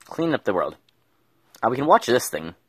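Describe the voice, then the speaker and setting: A man's voice: medium pitch, very animated, moderate pace, breathy edge, no echo. A man giving casual gameplay commentary, thinking aloud and mumbling with fillers as he plays at home. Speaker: gameplay streamer.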